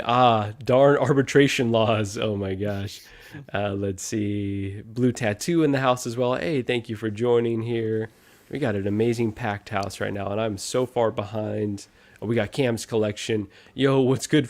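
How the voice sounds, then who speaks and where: A man's voice: lowish voice, vocal fry, darkish tone. A man hosting a casual live stream, upbeat, greeting viewers one by one and chatting with co-hosts.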